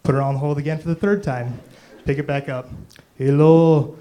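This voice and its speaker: A man's voice: mid-range voice, a little fast, warm tone. A young man doing a stand-up comedy set on stage, rambling and self-deprecating, full of "you know" and "um".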